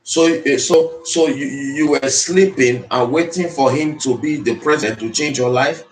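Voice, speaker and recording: Motivational speaker, man, mid-pitched, preachy and repetitive, in an echoey room. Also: normal speed, slight background noise. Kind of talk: motivational speech. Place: speaking to an audience in the Philippines. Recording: roomy echo.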